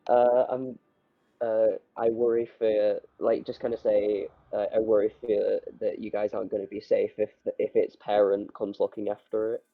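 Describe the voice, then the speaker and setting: Man, tabletop player, low-ish voice, hesitant, tinny phone-like sound. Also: little pitch movement, normal speed, no room sound. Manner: hesitant, restarting phrases. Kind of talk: casual tabletop play. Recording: tinny phone-like mic, dry.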